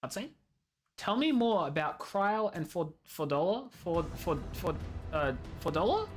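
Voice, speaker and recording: A man's voice: sits high, big pitch swings, a little slow. A young man casually commenting while he plays a game, joking and rambling and laughing often. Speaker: game streamer. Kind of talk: casual live gameplay commentary. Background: game music.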